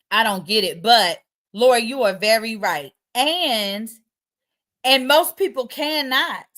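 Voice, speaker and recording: A woman hosting a casual livestream chat. She reads viewer comments aloud and answers them in relaxed, colloquial slang. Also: medium pitch. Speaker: livestream host.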